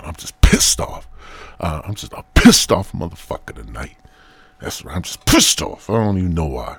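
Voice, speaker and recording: Low husky man ranting profanely. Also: sing-song, normal speed, fairly bright tone. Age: adult. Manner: profane, drifting rants with frequent whispered asides. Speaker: podcast host. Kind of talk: rambling solo podcast monologue.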